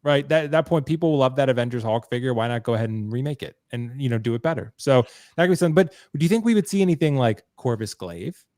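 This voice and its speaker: A man's voice: medium pitch, fast talker, darkish tone, dry recording, clean studio sound. A man hosting a casual podcast chat, upbeat and asking his guests questions. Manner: upbeat, asks questions, laughs easily. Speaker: podcast host.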